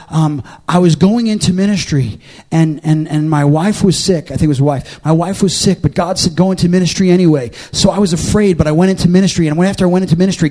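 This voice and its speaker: A man preaching in a church, moving from hushed storytelling to loud, fervent altar-call exhortation. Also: high voice. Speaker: pastor. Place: church service with music behind.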